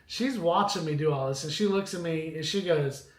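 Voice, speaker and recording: A man with a notably high voice tells a long, rambling story on a casual live stream. He talks animatedly and keeps turning to address his viewers. The sound carries the echo of a hard-walled room. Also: normal speed. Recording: echoey room.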